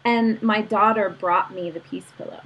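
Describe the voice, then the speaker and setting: A woman's voice: mid-range voice, steady tone, normal speed, husky, poor audio. A woman hosting an interview as a mother, conversational and affirming, asking long questions. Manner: warmly affirming, conversational, asks at length. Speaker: podcast host and mother. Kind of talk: casual interview chat.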